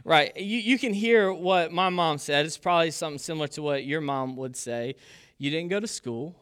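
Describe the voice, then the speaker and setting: A man's voice: a little high, moderate pace, fairly bright tone, clear, resonant tone. A man in his thirties, a pastor preaching a casual, conversational sermon full of personal stories and fillers. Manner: conversational, self-deprecating, with frequent fillers.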